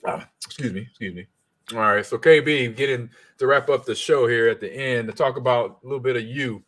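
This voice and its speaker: A man's voice: medium pitch, fairly bright tone. A man hosting a podcast, chatty and easygoing in casual conversation. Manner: easygoing, chatty, quick to agree. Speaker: podcast host.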